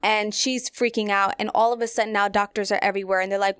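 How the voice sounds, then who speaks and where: A woman's voice: mid-range voice, fairly even intonation, fast talker, fairly bright tone, clean tone, no echo, studio quality. A young woman, hosting a podcast and candidly telling a personal story to her listeners in a casual, chatty way. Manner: candid, conversational, many fillers, addresses listeners directly. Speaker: podcast host.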